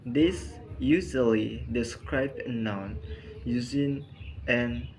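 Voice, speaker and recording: A man reads a lesson aloud at a very slow, halting pace, breaking his sentences into short phrases. His pitch sits in a middle range. A faint hiss of noise runs under the recording. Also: poor audio. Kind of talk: reading a lesson on compound words.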